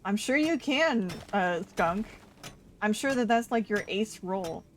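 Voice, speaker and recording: Giggly woman streamer, slow and lively. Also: medium pitch, a little hiss or hum. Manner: laughs often, playful teasing. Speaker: Twitch streamer. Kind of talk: casual gaming stream chat.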